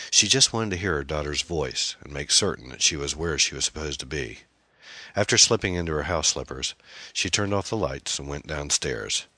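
A man narrating an audiobook in a measured, expressive storytelling manner. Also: extremely low pitch, dry recording.

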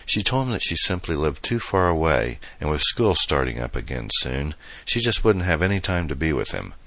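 A man reading an audiobook novel as narrator, in steady, measured storytelling. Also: rumbling low, no room sound. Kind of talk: scripted narration.

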